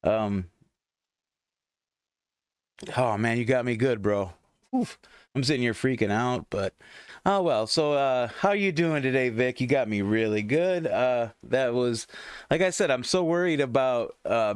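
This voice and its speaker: Hosting his own morning livestream from a home computer, a man chats in a rambling way and often restarts his sentences, speaking into a desktop microphone. His medium-pitched voice is expressive, clear, and resonant at a normal speed. The recording is dry.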